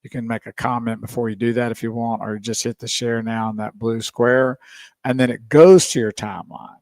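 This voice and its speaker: A man's voice: medium pitch, fairly even intonation, brisk, a little mellow, no echo. A man hosting a radio show, chatty, laughing and greeting listeners. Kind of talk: casual radio talk. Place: radio studio. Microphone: studio microphone.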